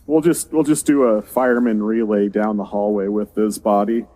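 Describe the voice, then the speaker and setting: A man's voice: fairly low pitch, fairly even intonation, moderate pace, mellow. A man playing a tabletop game, joking around with the table. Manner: jokey, playful. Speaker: player. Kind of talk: casual tabletop game chat.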